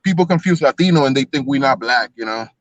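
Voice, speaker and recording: A man's voice: medium pitch, animated, quick pace, dry recording, dull audio. A man from Colombia, co-hosting a casual sports talk show, explaining history in a chatty, rambling way. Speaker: podcast co-host.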